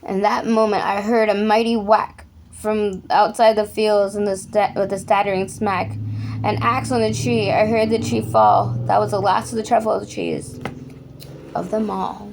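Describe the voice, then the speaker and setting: A woman reading a rhyming picture book aloud with an even, rhythmic delivery. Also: medium pitch, a little slow, creaky, background noise. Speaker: storyteller.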